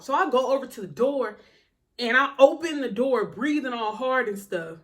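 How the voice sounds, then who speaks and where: Brief: a young woman vlogger with a high voice, telling a personal story in a slangy, animated way. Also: normal speed. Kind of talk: storytime vlog.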